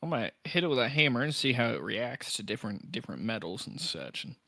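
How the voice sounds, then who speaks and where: Guy doing a chatty shopkeeper man, weapons seller, haggles and banters, bright voice, dry close sound. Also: mid-range voice, very animated, fast talker, gravelly, no room sound, full character voice.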